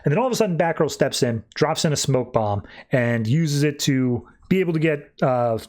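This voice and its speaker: A man's voice: a little high, animated, moderate pace, darkish tone. A man hosting a podcast, loosely retelling comic book scenes in casual chat, with lots of "like" and paraphrased lines. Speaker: podcast host.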